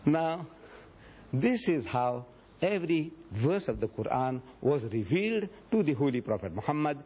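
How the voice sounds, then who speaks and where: A man's voice: on the high side, big pitch swings, normal speed, darkish tone, husky. A man from Africa, giving a public religious lecture and acting out quoted speech with dramatic storytelling. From South Africa. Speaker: Islamic lecturer.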